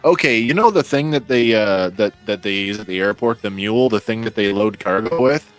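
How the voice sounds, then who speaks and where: A man playing a tabletop game, excitable and chatty, often restarting his sentences. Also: on the low side, brisk. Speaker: player. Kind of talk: casual tabletop game chat.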